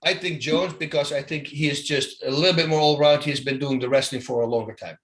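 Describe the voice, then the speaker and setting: A man, a former fighter, guesting in a casual interview, telling animated stories, mimicking punch sounds and laughing between phrases. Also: on the high side, brisk.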